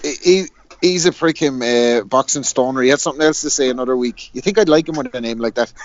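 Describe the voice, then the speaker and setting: A man's voice: medium pitch, fast. Irish guy from wexford swearing and joking around, muffled call audio, faint noise behind. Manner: profane, jokey, laid-back. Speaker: podcast panelist. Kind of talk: casual podcast banter.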